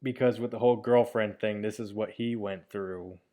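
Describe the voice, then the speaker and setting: Guy with a lowish voice doing chill commentary on his own short film, rambly, laughs a lot. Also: steady tone, normal speed, mellow. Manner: rambling and enthusiastic, with frequent fillers and laughs. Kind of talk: casual commentary.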